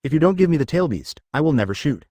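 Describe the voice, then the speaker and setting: A man's voice: fairly high pitch, big pitch swings, fast, darkish tone, no room sound, clean studio sound. A man voicing a cocky young martial artist in a synthetic-sounding story reading, confident and sly.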